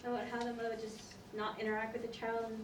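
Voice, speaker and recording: A woman's voice: on the high side, completely flat delivery, very fast. A woman student asking a question in class, hesitant and searching for words. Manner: hesitant, many fillers. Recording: distant echoey classroom with noise.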